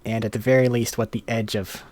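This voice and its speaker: A man's voice: fairly low pitch, level tone, brisk, darkish tone. A man playing a tabletop role-playing game, thinking aloud and chuckling as he plans. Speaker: player. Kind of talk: casual tabletop role-play chat.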